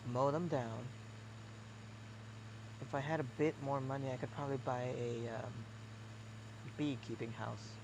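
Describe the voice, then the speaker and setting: A young man narrates his farming game in a loose, rambling way and drops deadpan jokes. His voice has a gravelly fry, and his throat is sore. A steady engine hum runs loud beneath the stream audio. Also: medium pitch, measured pace, long pauses. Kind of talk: casual gameplay commentary.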